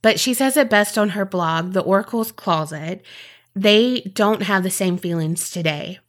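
A chatty woman co-host telling a ghost story in relaxed, casual chat. Her pitch is middling for a woman, and she speaks in a loose, everyday conversational tone. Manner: chatty, profane, drops into quick voices for people in the story.

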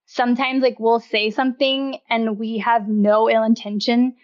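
A woman's voice: a little high, level tone, moderate pace. Chatty woman, muffled sound. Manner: chatty, uses "like" constantly, laughs often. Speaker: podcast guest. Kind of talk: casual chat.

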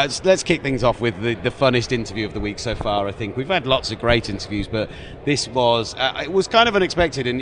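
Rambling British podcast host. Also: male voice, mid-range voice, fairly bright tone, a little hiss or hum. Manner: rambling, laughs easily, searches for words. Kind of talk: casual podcast chat.

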